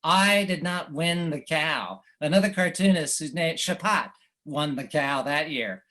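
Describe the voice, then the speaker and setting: An American man, a cartoonist, giving a wry, anecdotal slide presentation, pausing often with fillers and little chuckles. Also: on the high side, bright, forceful tone. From United States.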